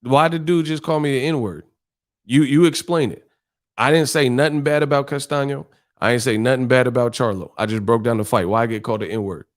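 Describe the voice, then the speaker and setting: Male stream host, mid-pitched, blunt and combative, curses a lot, casual rant. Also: fairly quick. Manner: blunt, combative, heavy cursing.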